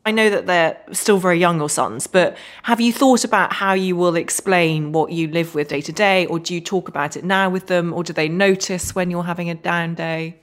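Low-voiced woman podcast host. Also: fairly even intonation, normal speed, few pauses. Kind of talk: interview questions.

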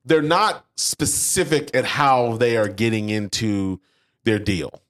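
Guy cohosting a business podcast, lively, does little voices for quotes, regular pitch. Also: slow pace. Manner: animated, acts out quoted salespeople. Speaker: podcast co-host. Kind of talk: casual business chat.

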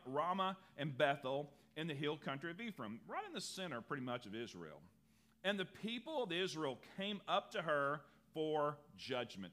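A man preaching a sermon as pastor, animated and acting out the people in his story. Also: fairly high pitch. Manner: animated, acts out quotes in lively voices.

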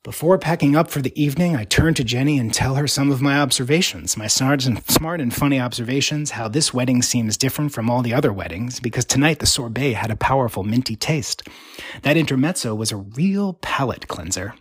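A man reads a literary story aloud with a wry, deadpan rhythm. His voice is husky and slightly breathy, recorded close in a dry, dead space. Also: medium pitch, fairly quick, dry recording. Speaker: narrator.

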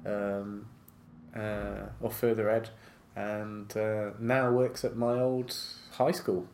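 A British man talking as a guest in a casual interview, relaxed and hesitant, with many fillers. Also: fairly low pitch, slow.

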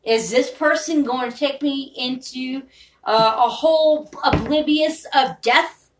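A woman's voice: sits high, slow, recorded from a distance, background noise. A woman podcaster in a rambling, profane, confessional monologue.

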